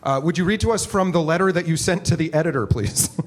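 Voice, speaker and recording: A man's voice: a little high, fast. A man hosting a live stage show, bantering playfully with laughter between acts. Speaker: host of a live tavern performance. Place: live performance hall with audience. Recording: live recording with noisy crowd.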